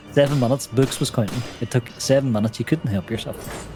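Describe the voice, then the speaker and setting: Laid-back young man hosting a stream. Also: medium pitch. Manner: laid-back, laughs easily, reads chat. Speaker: streamer and host. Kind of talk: casual gaming stream chat.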